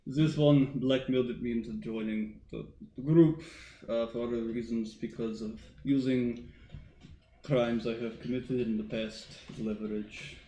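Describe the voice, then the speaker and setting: A man speaking in character during a tabletop game, quiet and hesitant with many pauses. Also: medium pitch, steady tone, a little hiss or hum. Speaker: player. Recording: roomy echo, faint music.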